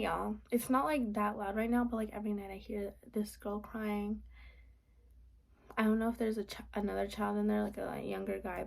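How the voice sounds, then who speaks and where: A young vlogger rambles through a late-night venting session at her apartment, full of "like" and occasional whispers. Her mid-range voice is creaky and a little mellow, with a slight hiss or hum in the recording.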